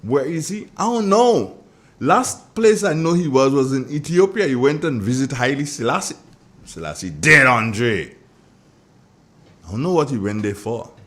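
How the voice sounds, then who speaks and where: A middle-aged man with a Grenadian accent hosting a morning radio show, chatty and joking as he sends shout-outs to listeners. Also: medium pitch, lively intonation, moderate pace. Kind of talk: casual morning radio chat.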